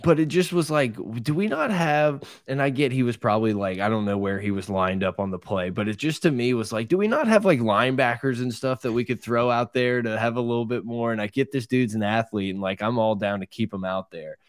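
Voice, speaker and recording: A man's voice: medium pitch, brisk, hardly any pauses, dry recording, clean studio sound. A man co-hosting a sports podcast in casual chat, opinionated and conversational, with many fillers. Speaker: podcast co-host.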